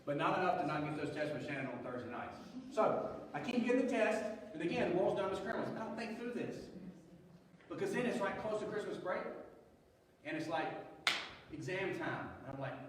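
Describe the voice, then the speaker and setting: A man giving a youth sermon, telling a funny story in an animated, chatty way. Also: high voice, a little fast, noisy background. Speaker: youth pastor. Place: large church hall. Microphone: distant from the mic. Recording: echoey hall, distant mic, faint ambience.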